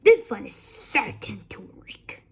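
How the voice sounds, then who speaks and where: A woman's voice: sits high, expressive, slow pace, fairly bright tone, breathy edge, exaggerated voice. A woman voicing a greedy, scheming male crocodile in a storybook reading, murmuring slyly.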